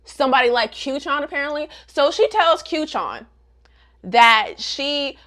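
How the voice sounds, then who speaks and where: Animated, sassy woman recapping a story. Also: high voice, slow. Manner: animated, slangy, sassy commentary. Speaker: manga reviewer. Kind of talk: casual comic recap.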